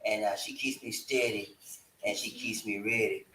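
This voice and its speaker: A man's voice: on the low side, steady tone, moderate pace, reverberant, heavy background noise. A man hosting a casual live stream, playful and talkative, hyping his viewers with slangy call-and-response chants. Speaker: livestream host. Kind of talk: casual livestream chat.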